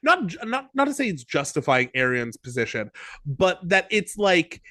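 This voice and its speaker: A man's voice: sits high, very animated, moderate pace, pushed and bright, dry recording, studio quality. A man co-hosting a podcast in a casual chat reviewing a TV episode, thoughtful and rambling with many fillers. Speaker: podcast co-host.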